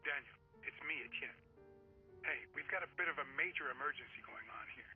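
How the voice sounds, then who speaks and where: A man's voice: medium pitch, fairly quick, natural voice. An actor playing a pushy, urgent male publisher colleague calling on the phone in a video game. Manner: urgent, coaxing. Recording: tinny phone line over game music.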